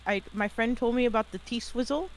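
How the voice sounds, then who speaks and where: A woman's voice: a little high, brisk, low-quality recording. A woman on a voice call, joking playfully and restarting her sentences often. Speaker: friend on voice chat. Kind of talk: casual joking chat. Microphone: voice chat.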